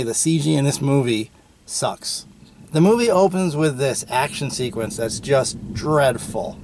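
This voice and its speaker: A man's voice: mid-range voice, a little hiss or hum. A man hosting a podcast, giving a casual, opinionated movie review with frequent ums and uhs. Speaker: podcast host.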